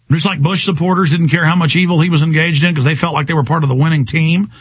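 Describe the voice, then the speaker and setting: Husky, ranting male radio host. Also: fairly high pitch, fairly bright tone, no room sound. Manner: ranting, agitated, stumbling repetitions. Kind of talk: talk radio monologue.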